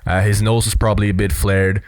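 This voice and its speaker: A man's voice: on the low side, level tone, brisk, dry recording. A man giving casual video commentary on body language, explaining step by step and dropping in lots of "you know" and "right?".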